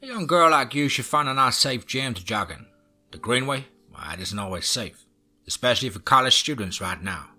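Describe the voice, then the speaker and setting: A man's voice: mid-range voice, lively intonation, normal speed, faint music behind. A man voicing a blunt, wary Southern pawn shop clerk with a Southern accent, matter-of-fact in tone. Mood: concerned. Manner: matter-of-fact, drops to a hushed tone.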